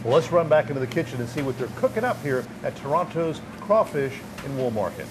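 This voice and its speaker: A man's voice: medium pitch, big pitch swings, quick pace. A man hosting a local TV food segment, chatting friendly and easily with a restaurant owner as he walks through her restaurant and kitchen. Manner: friendly, chatty, lots of mm-hmms. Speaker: TV segment host. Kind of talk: local TV feature interview. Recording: TV field recording with background noise.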